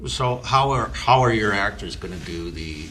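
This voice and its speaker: Deep-voiced, sharp-toned writer on a podcast, chatty storyteller. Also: male voice, lively intonation, normal speed, a little hiss or hum. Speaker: writer, college teacher. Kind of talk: casual podcast chat.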